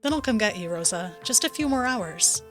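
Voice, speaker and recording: A woman voicing a tired, gentle young father who speaks softly and reassuringly. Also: medium pitch, lively intonation, moderate pace, soft background music, natural voice. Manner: soft, reassuring.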